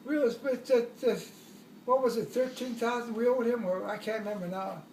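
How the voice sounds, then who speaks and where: An older man tells an old war story, rambling and chuckling as he goes. His voice is very high, and it comes from some way off the mic in an echoey room. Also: steady tone, normal speed, far from the mic, slight background noise. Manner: rambling, chuckling, acts out shouted quotes. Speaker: veteran telling a war story. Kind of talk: casual storytelling.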